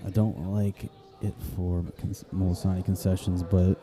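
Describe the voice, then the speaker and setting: A man calling a live bocce match as play-by-play commentator, talking in a hushed golf-style voice and often repeating himself for effect. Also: low voice, flat delivery, moderate pace.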